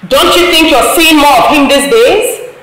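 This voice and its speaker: A woman's voice: high voice, unhurried, a bit bright, echoey room, poor audio. An actress playing a firm, protective aunt who scolds her niece in a film drama. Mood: scolding. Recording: clear background noise.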